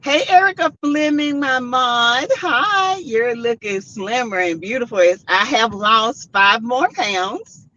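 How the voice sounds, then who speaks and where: A woman's voice: fairly high pitch, lively intonation, slow, hardly any pauses, bright, forceful tone, a little hiss or hum. A middle-aged woman, hosting a casual livestream and chatting while greeting her viewers by name. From South Carolina. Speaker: livestream host. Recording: dull lo-fi livestream audio.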